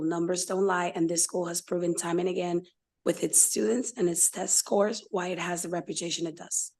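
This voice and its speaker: A woman, a parent, reading prepared testimony before a legislative committee in a steady, emotional tone. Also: on the low side.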